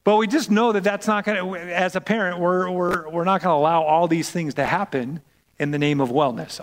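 Man, pastor, sermon, animated, repetitive, long hall reverb. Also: sits high, fairly quick. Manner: animated, repeats words, asks "right?" often.

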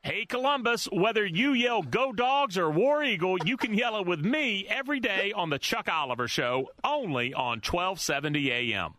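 A man's voice: sits high, lively intonation, normal speed, sharp tone, no room sound. A man who hosts a sports radio show, reading punchy station promos.

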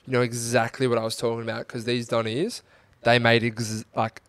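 A man co-hosting a podcast in lively, swearing banter. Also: medium pitch, brisk, no echo. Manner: animated, swearing, agreeing banter. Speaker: podcast co-host. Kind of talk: casual chat.

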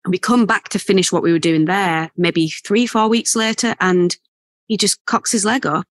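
Woman from England, guest actor; animated, rambling storyteller, dry mic. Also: lowish voice, normal speed, no echo. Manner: animated storyteller, many fillers and restarts. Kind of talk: casual interview chat.

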